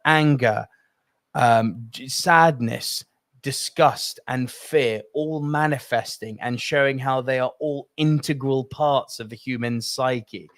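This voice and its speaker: Male solo podcast host, passionate and rambling, middle pitch, close dry mic. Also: takes it slowly, fairly bright tone, no room sound. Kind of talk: solo podcast talk, reading live chat.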